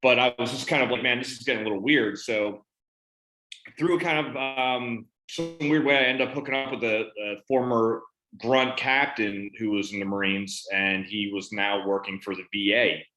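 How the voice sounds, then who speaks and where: A man's voice: mid-range voice, fairly even intonation, moderate pace, sharp tone. A man, a veteran on a panel, casually telling a story about his benefits and retelling conversations in quotes. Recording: roomy echo.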